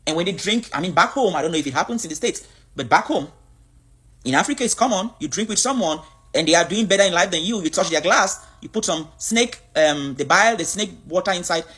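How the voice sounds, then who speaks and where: A woman's voice: on the low side, animated, fast talker, fairly bright tone, slightly rough. A woman from Cameroon, giving a blunt, outspoken vlog monologue. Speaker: vlogger.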